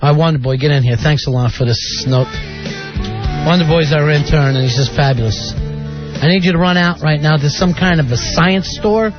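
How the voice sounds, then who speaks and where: A man co-hosting a comedic talk radio show, ranting sarcastically and loudly. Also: a little high, moderate pace, music in the background. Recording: dull lo-fi radio recording.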